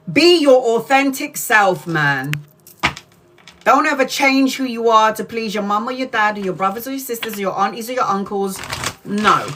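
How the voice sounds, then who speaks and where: A woman's voice: medium pitch, a bit bright, a little hiss or hum. A British woman giving a live-stream tarot reading, chatty, laughing often and swearing freely. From Britain. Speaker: tarot reader.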